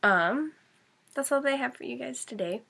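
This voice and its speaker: Young woman doing a chatty makeup vlog, bright clear voice, rambly and giggly, says like a lot, kinda sniffly. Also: high voice, lively intonation, normal speed. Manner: rambling, giggly, lots of likes and ums. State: face-painted, sniffly and sneezing. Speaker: makeup vlogger. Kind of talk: casual makeup tutorial chat.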